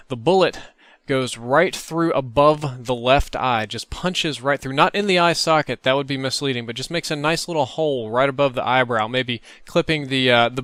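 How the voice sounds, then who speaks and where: A man host telling a dream story over gameplay in an animated, profane way. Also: medium pitch, a little fast, dry recording. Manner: animated, profane, vivid retelling. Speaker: gaming channel host.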